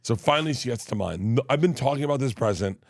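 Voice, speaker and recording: Man, comic storyteller, animated, loud bursts of impressions, dry close sound. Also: mid-range voice, fast, no echo. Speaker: guest storyteller.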